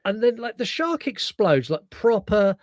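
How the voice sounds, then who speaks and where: A man with a fairly high voice chats casually about a film, animated and sweary. He acts out scenes with sudden put-on voices. The sound is dry and close. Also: measured pace, dry recording. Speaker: podcast co-host. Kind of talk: casual film review chat.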